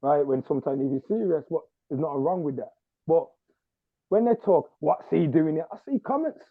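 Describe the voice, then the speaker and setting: A man, co-hosting a casual sports podcast, talking in an animated, rambling way with lots of "yeah"s. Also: a little high, brisk, no echo. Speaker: podcast co-host. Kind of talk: casual chat. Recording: dry tinny phone-like sound.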